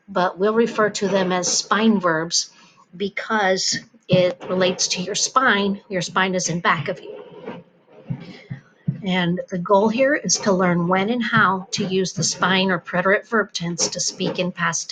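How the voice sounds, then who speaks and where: A woman's voice: mid-range voice, fairly bright tone, a little hiss or hum, poor audio. A woman teacher narrating a grammar lesson from home, explaining patiently with ums and uhs. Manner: slow, patient explaining with fillers. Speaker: Spanish teacher.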